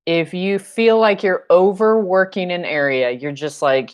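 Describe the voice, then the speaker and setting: A woman's voice: low voice, steady tone, moderate pace, hardly any pauses, a little mellow. A young woman teaching a painting class on a live stream, chatty and jokey, often laughing at her own asides. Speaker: paint night instructor.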